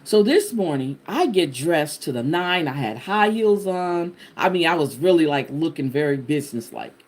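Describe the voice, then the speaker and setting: A woman host telling a personal testimony to her viewers in an animated, expressive way, talking to them directly. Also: low-pitched, moderate pace. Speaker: channel host sharing a personal story.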